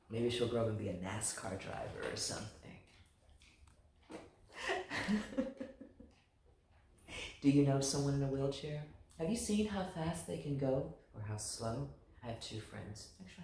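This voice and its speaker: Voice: mid-range voice, gravelly, far from the mic, slight background noise. A reader telling a picture book aloud in a playful, chatty way, then signing off to listeners. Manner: animated, playful, chatty sign-off. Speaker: storybook reader. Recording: very echoey room, voice from afar.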